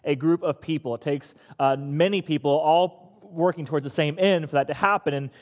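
A middle-aged man preaching a sermon in a conversational, humorous way, with lively bursts. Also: on the high side, a little fast. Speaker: pastor.

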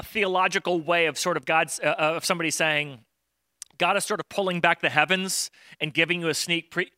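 A male pastor gives a casual, chatty sermon, slipping into modern voices to act out the scripture. His voice sits a touch high with a bright, forward edge. The sound is close and dry. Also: dry recording. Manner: conversational, acts out Bible dialogue in modern voices.

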